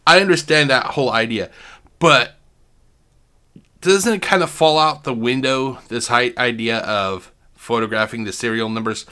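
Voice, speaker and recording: Male host, bright voice, loose profane off-the-cuff commentary. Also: mid-range voice, normal speed, clear, resonant tone. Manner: rambling, profane, thinking aloud. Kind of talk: casual commentary.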